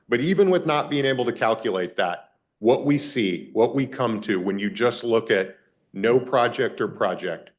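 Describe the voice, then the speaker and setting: A man giving a formal presentation to a local government meeting, building his case in repeated lists. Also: medium pitch. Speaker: project presenter to a county government.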